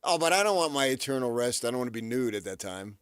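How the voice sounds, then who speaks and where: A man's voice: mid-range voice, fast, clean tone, no room sound, clean studio sound. A man co-hosting a sports radio show, talking emphatically and playfully about himself and the games. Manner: emphatic, animated, playful self-assured. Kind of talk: casual sports talk radio banter.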